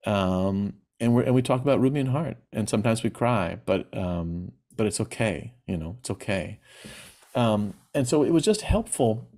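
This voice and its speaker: A man's voice: on the low side, darkish tone. A man giving a personal talk on grief, speaking candidly and plainly, with hesitant restarts. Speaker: presenter.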